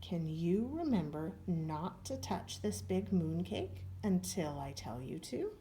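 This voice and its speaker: A woman reading the lines of a patient mother who bakes with her child in a picture book, gentle and coaxing. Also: on the low side, sing-song, slow, slight background noise. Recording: roomy echo, distant from the mic.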